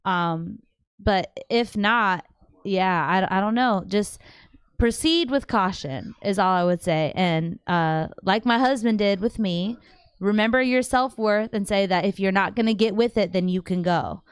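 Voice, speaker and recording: A woman hosting a casual livestream from home, reading viewer questions and answering them in a chatty, animated way with slangy asides. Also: mid-range voice, a little slow, clear, resonant tone, no echo, clean studio sound. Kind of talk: casual live chat.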